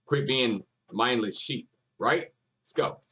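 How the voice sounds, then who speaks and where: A man's voice: medium pitch, takes it slowly, poor audio. A man hosting a music reaction video, talking casually and emphatically, repeating lyrics and hyping up the artist.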